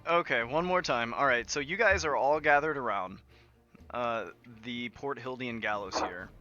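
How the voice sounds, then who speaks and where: A man's voice: mid-range voice, moderate pace, pushed and bright, dull audio. A man narrating a tabletop game as game master in a casual, laughing way with many fillers, over an online voice call.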